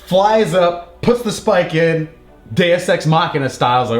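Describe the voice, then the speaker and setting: A man tells a film's story in loose, profanity-laced chat, tripping over filler words and slipping into goofy character voices. His voice sits a little high, and the recording rings in an echoey room. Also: animated, measured pace, faint music behind. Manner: rambling, profane, heavy on filler "like", acts out characters in silly voices. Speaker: podcast co-host retelling a movie plot. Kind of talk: casual comedic chat.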